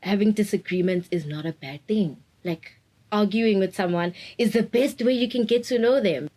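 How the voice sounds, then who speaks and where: A woman's voice: mid-range voice, moderate pace, warm tone, poor audio. Laughing young woman. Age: 20s. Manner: open, reflective, laughs often. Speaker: interviewee. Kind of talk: candid personal interview.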